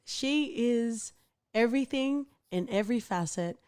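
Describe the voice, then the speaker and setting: A woman's voice: fairly high pitch, expressive, measured pace, a little mellow, clear, resonant tone, no echo, clean studio sound. A woman with an Australian accent hosting a podcast, chatting in a playful, teasing way. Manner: playful, teasing, laughs often. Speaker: podcast host. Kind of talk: casual podcast chat.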